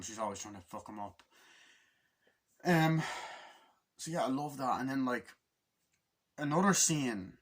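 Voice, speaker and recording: Excitable, foul-mouthed man with a husky voice. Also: fairly low pitch. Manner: excitable and heavily profane, acts out scenes in loud impressions. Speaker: movie reviewer. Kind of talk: casual spoken review.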